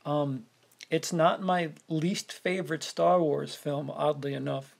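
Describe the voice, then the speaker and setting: Guy on a movie podcast, kinda gravelly, keeps tripping over his words. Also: a little high, steady tone. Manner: halting, repeats words while searching for phrasing. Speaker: podcast co-host. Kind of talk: casual film discussion.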